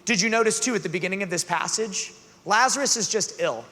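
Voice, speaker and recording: Bright-voiced man preaching in a big hall. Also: high-pitched, fast. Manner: earnest, conversational, builds to loud emphatic passages. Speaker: youth conference speaker. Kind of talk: energetic youth talk in a large hall. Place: large arena hall. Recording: long hall reverb.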